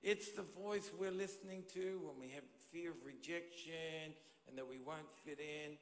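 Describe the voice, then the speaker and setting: A man's voice: on the high side, normal speed. A man preaching a sermon in a church auditorium, speaking conversationally and checking in with the congregation, into a handheld microphone. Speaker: pastor. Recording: echoey hall with long reverb.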